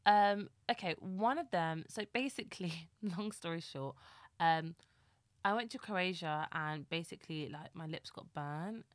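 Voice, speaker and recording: A woman's voice: lowish voice, a little slow, no echo, clean studio sound. A young woman co-hosting a casual podcast, chatty and agreeable, with lots of filler words. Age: 20s. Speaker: podcast co-host. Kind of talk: casual chat.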